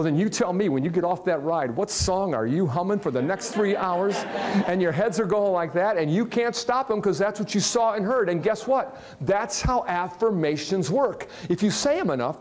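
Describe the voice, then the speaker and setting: Man, motivational speaker from Ohio, slightly high voice, lively and joking with the room. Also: moderate pace, few pauses. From Ohio, USA. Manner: animated, jokey, asks the audience questions. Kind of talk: live motivational talk to an audience. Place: large hall with a live audience.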